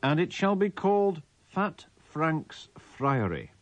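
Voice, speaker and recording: A man voicing a grandly proclaiming male Lord of creation in a theatrical, stately, drawn-out manner. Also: fairly high pitch, big pitch swings, no room sound, highs cut off, pitched above the performer's own voice.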